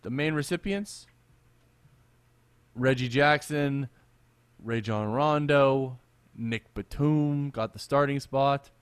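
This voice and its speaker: A man co-hosting a casual sports podcast, animated and quick to laugh, often repeating himself. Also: mid-range voice, clean tone, dry recording. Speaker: podcast co-host.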